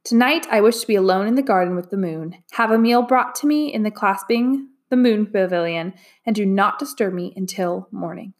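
A woman's voice: mid-range voice, moderate pace, hardly any pauses, lightly acted. A woman voicing a playful, commanding young king, regal and teasing in a storybook reading.

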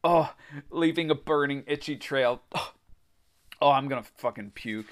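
A man's voice: mid-range voice, a little slow. A man hosting a podcast, reading a children's horror story aloud and breaking off for laughing, swearing asides. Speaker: podcast host.

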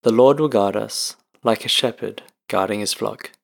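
A male lector reads scripture in a solemn, formal way. His voice sits low with a gravelly texture. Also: moderate pace. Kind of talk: liturgical reading.

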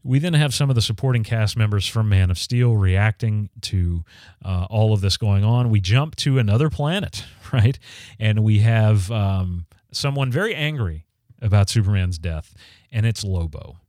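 Male podcast host, slightly low voice, relaxed talky delivery with lots of ums, dry sound. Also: moderate pace, no room sound. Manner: conversational, frequent ums and restarts. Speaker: podcast host reviewing comics. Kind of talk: casual spoken review.

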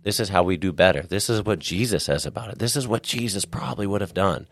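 Deep-voiced earnest man, dry close mic. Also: fast, dry recording. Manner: earnest, animated storytelling with repeated emphasis. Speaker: podcast co-host, gym owner. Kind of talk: casual faith talk.

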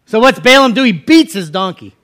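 Man, pastor, sermon, high voice, folksy storytelling. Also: expressive, brisk, a bit bright. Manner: storytelling, acting out voices in quotes; conversational, folksy.

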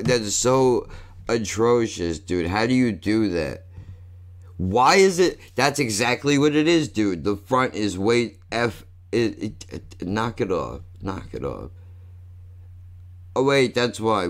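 Lowish-voiced guy ranting away, swears nonstop, dude every other line. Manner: profane, rambling, says "dude" constantly. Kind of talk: casual ranting commentary.

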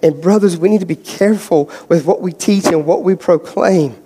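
A man preaching a sermon as pastor, animated, moving between loud emphasis and quiet storytelling. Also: high voice, normal speed, breathy edge. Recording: hall reverb.

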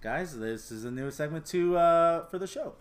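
A man's voice: a little high, lively intonation, normal speed. A man hosting a casual comedy podcast, loose and joking, laughing often. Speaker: podcast host.

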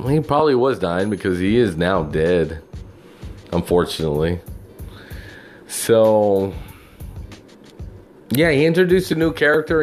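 Guy rambling slow to the camera, cussing a lot, middle voice, quiet music under it. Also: on the low side. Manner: profane, meandering, full of fillers. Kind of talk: casual rambling monologue.

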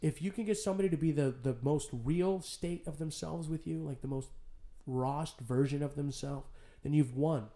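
A man from San Jose speaks as a podcast guest, his voice sitting a bit higher than most men's. He talks loosely and animatedly, dropping curse words as he tells personal stories. The sound carries a noticeable room echo. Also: normal speed. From San Jose, California. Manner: animated, swears freely, storytelling. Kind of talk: casual podcast conversation. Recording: roomy echo.

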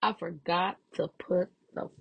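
A woman hosting a podcast, casually recapping a reality show in a profane, animated way and acting out the people in it. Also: lowish voice, measured pace, gravelly, dull audio, noisy background. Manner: profane, animated retelling with quoted voices. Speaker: podcast host.

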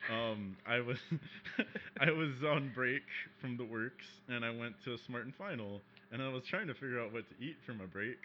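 Deadpan joking man, mid-pitched. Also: moderate pace. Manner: deadpan, joking, mock-serious. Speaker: podcast co-host. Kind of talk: casual chat. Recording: dull lo-fi podcast audio, faint hiss.

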